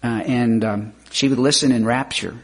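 A man preaching a sermon, slow and measured, with rising emphatic questions, often clearing his throat. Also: medium pitch, fairly even intonation.

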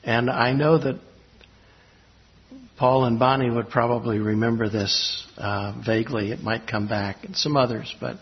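A male pastor at a middle pitch delivers a sermon through a slightly dull, lo-fi recording. He tells a personal story reflectively, pausing and restarting as he goes. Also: steady tone.

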